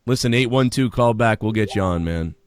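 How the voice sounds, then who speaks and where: A man's voice: fairly low pitch, fairly quick. A man hosting a call-in show, joking around with callers and laughing a lot. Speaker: host. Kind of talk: casual call-in show banter.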